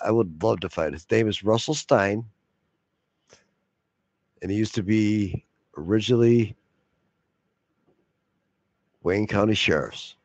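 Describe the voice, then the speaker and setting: A man's voice: low voice, darkish tone, dry recording, highs cut off. A man telling a long profane story in a casual way, laughing often and acting out the other voices. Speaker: video blogger.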